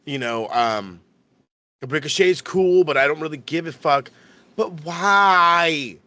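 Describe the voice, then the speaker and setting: A man's voice: a little high, slow pace, sharp tone. A young man co-hosting a wrestling podcast, ranting and swearing a lot and often restarting his sentences. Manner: ranting, profane, lots of restarts. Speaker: podcast co-host. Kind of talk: casual wrestling chat.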